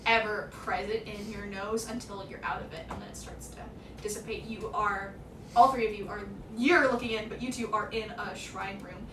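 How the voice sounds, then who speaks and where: A woman narrating a tabletop game as dungeon master, rambling and animated, with many fillers. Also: mid-range voice, normal speed. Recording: echoey, distant mic with clear noise.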